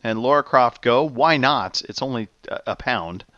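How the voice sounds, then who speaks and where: A man's voice: mid-range voice, normal speed, bright, forceful tone, no room sound, dull audio. A man hosting a gaming podcast, leading casual chat with teasing banter. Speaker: podcast host.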